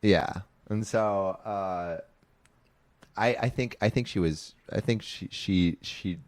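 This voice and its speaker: A young man co-hosting a casual chat, jokey and quick to react. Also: on the low side, dry recording. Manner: jokey, animated, does silly voices of people in the story. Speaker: co-host.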